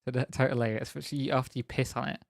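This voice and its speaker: A man's voice: medium pitch, little pitch movement, racing, vocal fry, dry recording, clean studio sound. A young man chatting casually on a live stream, rambling, laughing often and teasing viewers.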